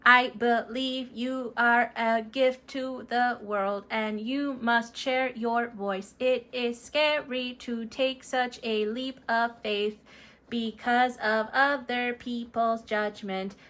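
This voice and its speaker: A woman voicing an earnest, polite robot puppet who reads tarot messages in a measured way, sprinkled with beeping noises. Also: fairly high pitch, fairly even intonation, fairly bright tone, pitched above the performer's own voice. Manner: slow, measured delivery broken up by "beep boop" noises.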